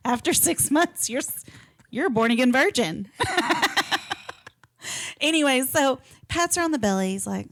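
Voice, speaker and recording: A woman's voice: on the high side, normal speed, pauses often. A woman co-hosting a podcast, telling a story in casual chat and acting out what people said. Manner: animated, acts out quotes, swears and laughs. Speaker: podcast co-host.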